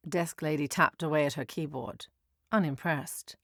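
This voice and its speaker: A woman with a lowish voice narrates a first-person story. Her delivery is wry and dry, and the recording is close with no room sound. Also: steady tone, moderate pace, vocal fry, dry recording.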